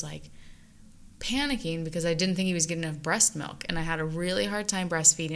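A woman in her thirties, a mother chatting casually about her experience and acting out quoted moments in a raised voice. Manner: animated storyteller, acts out quotes in a higher voice. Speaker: guest mother sharing experience. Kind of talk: casual conversational podcast chat.

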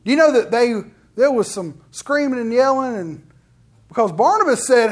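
A middle-aged man, a pastor telling personal stories in an animated sermon and acting out quoted voices. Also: very high voice, normal speed. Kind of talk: storytelling sermon.

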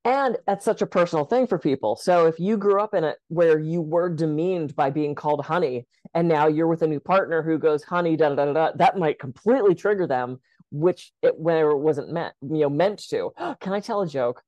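A woman co-hosting a casual podcast, a lively, chatty storyteller who acts out the lines she quotes. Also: low voice, moderate pace, no echo, highs cut off. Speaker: podcast co-host.

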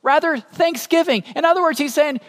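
A man preaching a sermon as a pastor, animated and rising to emphatic peaks, asking the congregation questions. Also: very high-pitched, a little fast. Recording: long hall reverb.

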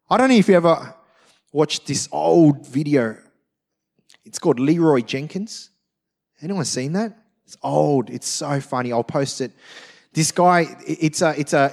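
A male preacher with a notably high voice delivers a sermon. He tells stories with animated energy, acting out quotes in different voices as he goes. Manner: animated storytelling, acts out quotes. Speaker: pastor.

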